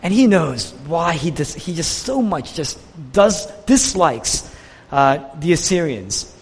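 A man's voice: a little high, sing-song, takes it slowly, breathy edge. A man preaching a sermon with emphasis, repeating key phrases for weight. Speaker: pastor. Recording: long reverb of a large hall.

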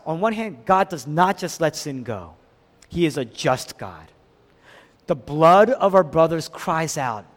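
A male pastor preaching a sermon emphatically, rising to strong peaks and then dropping low. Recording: long hall reverb.

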